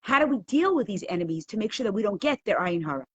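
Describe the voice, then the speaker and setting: A middle-aged woman teaching a live online Torah class, telling stories with animated laughter. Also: mid-range voice, fast talker, slight background noise.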